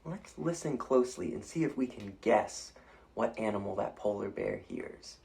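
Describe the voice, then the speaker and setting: A man's voice: fairly low pitch, animated, normal speed, vocal fry, dark tone. A man reading a picture book aloud to children, playfully inviting them to make animal sounds along with him. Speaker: storytime reader.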